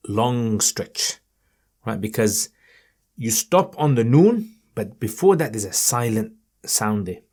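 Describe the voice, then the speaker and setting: A man teaching Quran reading in an online lesson, patiently encouraging and modelling each verse in a slow, melodic recitation tone. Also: fairly low pitch, expressive, a little mellow, husky. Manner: chants verses in a raised melodic tone.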